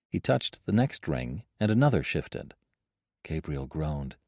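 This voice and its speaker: A man narrating a science-fiction audiobook in an expressive storytelling manner. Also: rumbling low, unhurried, breathy edge, dry recording, clean studio sound. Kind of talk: scripted narration.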